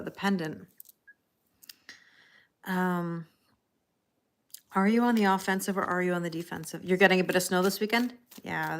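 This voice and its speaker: A middle-aged woman hosting a live tarot reading, chatting casually, laughing often and answering viewers' comments. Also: medium pitch. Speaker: tarot reader hosting a livestream.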